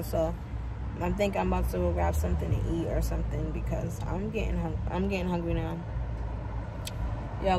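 A young woman chatting casually to her vlog camera, laid-back and full of slang and fillers. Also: lowish voice. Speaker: vlogger. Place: home and parked car. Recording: noisy background.

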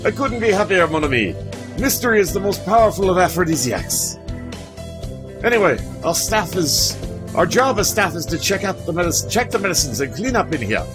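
A man's voice: high voice, big pitch swings, normal speed, music in the background. A man doing a hammy fake-French bird student. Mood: flowery. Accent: put-on French. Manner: theatrical and flowery. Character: flamboyant young male pigeon student with fake French accent.

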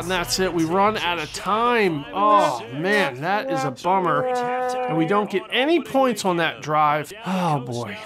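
A man giving excitable play-by-play commentary over a football video game, exclaiming at big plays and mocking the other team. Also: sits high, takes it slowly. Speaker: gaming channel host. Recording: stadium crowd noise from the game behind.

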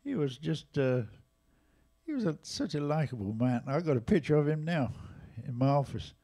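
A man in his eighties with an English accent, casually telling jazz stories at a live museum event, lively and animated in his retelling. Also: a little high, normal speed. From England. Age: 80s. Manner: lively, animated retelling with raised voices for quotes. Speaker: jazz drummer and storyteller guest. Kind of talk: casual anecdotal storytelling.

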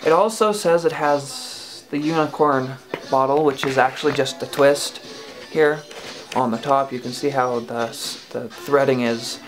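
A relaxed home reviewer who rambles through a casual product review, stopping and restarting with plenty of fillers. The voice sits at an ordinary middle pitch, and soft music plays faintly in the background. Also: a little slow, few pauses. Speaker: e-liquid reviewer.

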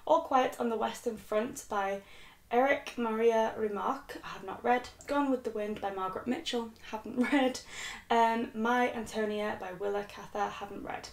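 A woman's voice: fairly high pitch, normal speed, vocal fry. A young British woman vlogging about books, chatty and self-mocking as she reads a list aloud. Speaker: book vlogger. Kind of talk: casual chat. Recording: echoey room.

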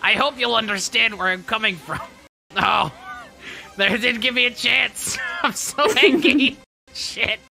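A woman voices a cocky, touchy young male hawk racer in comedic, profane let's-play banter, sounding whiny, defensive and rambling. Her exaggerated voice is a little high, unhurried and creaky, pushed and bright.

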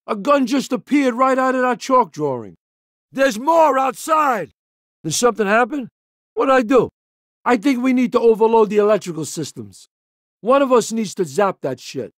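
Sal DeLuca, foul-mouthed gangster. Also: male voice, very high-pitched, lively intonation, normal speed, a bit bright, no echo, studio quality. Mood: brash. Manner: gruff, swaggering, swears constantly. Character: tough-talking male mobster convict, profane and brash. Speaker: video game character. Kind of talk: video game voice lines.

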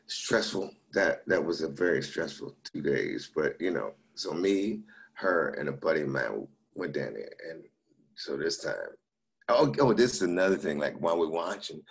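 A man's voice: deep voice, gravelly. A middle-aged comedian telling stories casually, laughing as he acts out the people he quotes. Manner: laughing anecdotal storytelling with quoted voices. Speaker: comedian guest. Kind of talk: casual storytelling.

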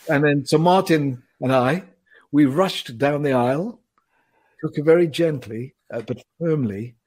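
A man guesting on a podcast, telling an animated story and acting out the people in it. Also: fairly high pitch, unhurried, husky. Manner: animated storyteller, acts out voices. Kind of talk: casual storytelling chat.

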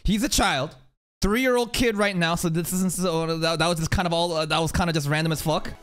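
A man's voice: a little high, brisk, faint music behind. A man reacting to an anime episode in casual commentary, swearing freely and drifting into long rambling stories. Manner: profane, rambling tangents, animated storytelling.

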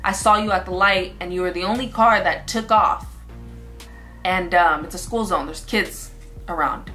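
A young woman telling a storytime vlog, animated and acting out what people said. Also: fairly low pitch, normal speed, soft background music. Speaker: vlogger.

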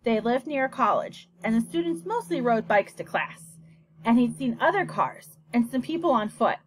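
A woman narrating a children's novel with an expressive, even-paced reading. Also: a little high, moderate pace, slight background noise. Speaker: audiobook narrator. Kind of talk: scripted storybook narration.

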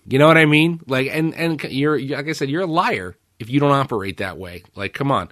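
A male podcast host telling casual stories with energy, swearing freely and acting out what other people said. His voice sits at a middle pitch for a man and is recorded dry and close, with no room echo. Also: fast, hardly any pauses. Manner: animated storytelling with swearing and acted-out quotes. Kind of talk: casual chat.

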